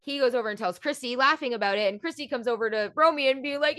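A woman's voice: sits high, fast, no room sound, clean studio sound. A woman in her thirties chatting casually with a friend, swearing freely and acting out the lines of the people she talks about. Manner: profane, animated, acts out quotes. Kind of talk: casual chat recapping a film.

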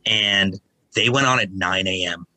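A man in his forties telling stories casually as a podcast guest, animated and raising his voice to act out quotes. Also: sits low, a little slow, dry recording, low-quality recording. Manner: animated, acts out quotes in raised voice. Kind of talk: casual storytelling.

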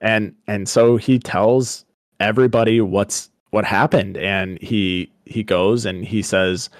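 A young man from Colorado, co-hosting a podcast, casually retelling a story and paraphrasing the characters in quick asides. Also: lowish voice, steady tone, no echo, studio quality. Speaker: podcast co-host.

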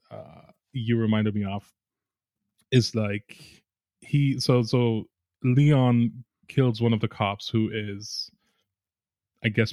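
A man co-hosting a movie review podcast in casual chat, wry and animated, often stammering on his words. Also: fairly low pitch, no echo, studio quality. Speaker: podcast co-host.

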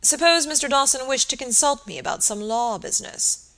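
A woman reading the part of a grave, preoccupied young gentleman barrister in an audiobook. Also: sits high, animated, voice pushed up. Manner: grave, measured.

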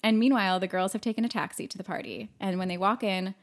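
A woman co-hosting a podcast, casually recapping a film and acting out lines from it. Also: medium pitch. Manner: retells scenes with quick acted quotes and laughs. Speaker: podcast co-host. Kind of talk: casual movie recap chat.

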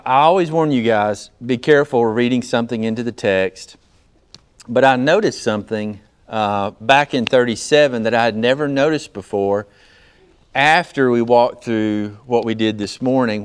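Man preaching with a smooth, resonant voice. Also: fairly low pitch. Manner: slows down to stress scripture, plain teaching tone. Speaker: pastor. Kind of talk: sermon.

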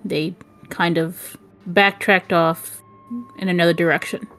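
A woman voicing a calm, observant male adventurer in a tabletop game, in a casual, lightly hesitant way. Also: on the low side, unhurried, soft background music. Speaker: tabletop player.

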